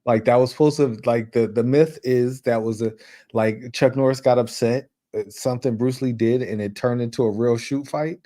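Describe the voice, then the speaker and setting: A man's voice: medium pitch, steady tone, normal speed, dark tone. A man from New York co-hosting a casual movie talk show, rambling with many restarts and filler words. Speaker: co-host. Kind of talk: casual chat.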